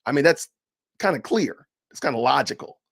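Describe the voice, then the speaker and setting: A man hosting a podcast livestream, reading comments aloud with animated, indignant, preachy ranting. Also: mid-range voice, moderate pace, gravelly, slightly rough. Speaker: podcast host.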